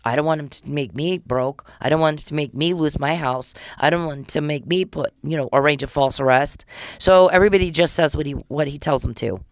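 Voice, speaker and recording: A woman's voice: low voice, fairly quick, no room sound. A woman from Texas hosting a solo podcast, talking in an agitated, repetitive rant. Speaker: podcast host.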